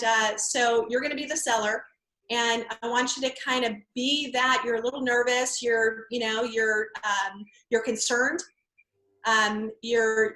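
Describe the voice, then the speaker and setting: A woman's voice: fairly high pitch, bright, forceful tone. A woman real estate trainer teaching an online workshop in a conversational, laid-back way. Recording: echoey room.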